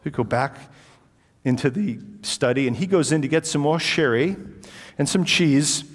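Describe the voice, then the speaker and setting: A man telling a personal story in a talk, animated and acting out the dialogue, in a reverberant hall. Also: on the high side, normal speed. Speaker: speaker.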